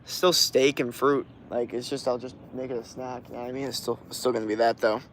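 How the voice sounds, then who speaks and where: A man's voice: medium pitch, fairly even intonation, a little fast, a little hiss or hum. Laid-back young man from Florida. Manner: laid-back, slangy, lots of filler. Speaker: livestream host answering chat questions. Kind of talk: casual livestream chat. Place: outdoors at night.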